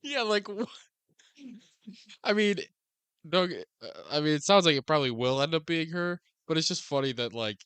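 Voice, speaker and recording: Man reacting with quick quips. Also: a little high, animated, fairly bright tone, clean tone, dry recording. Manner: reactive listener, short quips and interjections. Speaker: podcast co-host. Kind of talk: casual chat.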